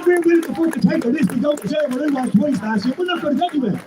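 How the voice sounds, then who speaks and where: An Irish man making a profane, impassioned street speech at a protest, rising to shouts. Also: very high-pitched, lively intonation, very fast, noisy background. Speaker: protest speaker. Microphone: public microphone and PA. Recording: echoey, distant from the mic, loud crowd. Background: crowd.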